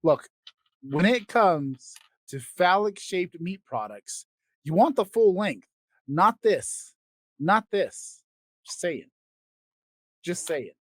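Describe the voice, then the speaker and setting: Guy hosting a podcast, ranting loud then mumbly, swears a lot, very lively voice, dead dry room. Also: high-pitched, slow, pauses often, dry recording. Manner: crude, animated, swings between loud and quiet. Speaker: podcast host. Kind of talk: comedic rant.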